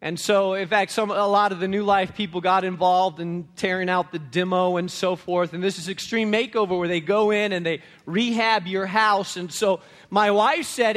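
A man's voice: high voice, normal speed, few pauses, fairly bright tone. A male pastor preaching a sermon to a congregation, emphatic and repetitive, telling stories. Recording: long reverb of a large room.

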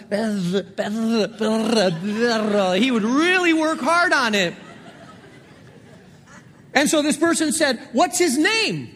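High-voiced pastor preaching in a reverberant hall. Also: male voice, a bit bright. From Spain. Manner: storytelling with emphatic repetition. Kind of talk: sermon.

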